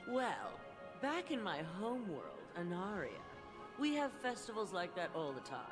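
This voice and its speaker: A performer voicing a calm, reassuring festival host in a game, with game music behind. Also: mid-range voice, a little slow. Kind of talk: game voice acting.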